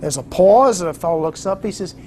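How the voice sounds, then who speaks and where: A man's voice: high-pitched, a little fast, warm tone, a little hiss or hum. A man giving a conversational lecture to a group, who tells stories and invites questions. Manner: varied pace, storytelling, asks for questions.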